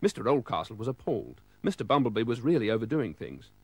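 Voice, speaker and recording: Male storybook reader, animated pitch, dry close sound. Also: quick pace, husky, dry recording. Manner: lively, expressive storytelling. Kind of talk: storybook read-aloud.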